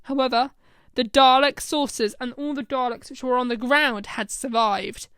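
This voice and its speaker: A woman with a high voice reads a fan short story aloud at a brisk clip. The sound is dry and close, with nothing from the room around her. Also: steady tone, fairly bright tone, clean tone, no echo. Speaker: narrator.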